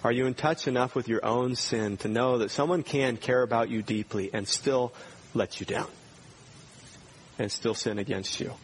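A man's voice: mid-range voice, normal speed, a little hiss or hum. A male pastor preaching a sermon in a church, earnestly putting pointed questions to his congregation.

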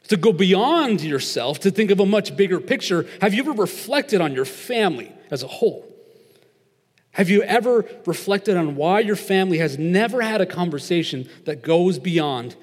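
A young man preaches in a relaxed, chatty way, full of filler words as he tells a story. His voice sits a little on the high side. It rings out with the long echo of a big hall. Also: normal speed. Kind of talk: casual sermon with storytelling. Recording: long reverb of a large hall.

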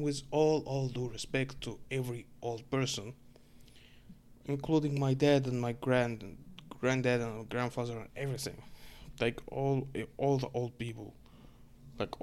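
A man from Egypt with an Egyptian accent, speaking English as a second language and telling a rambling story, full of fillers and swearing. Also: mid-range voice. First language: Arabic. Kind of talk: casual storytelling rant.

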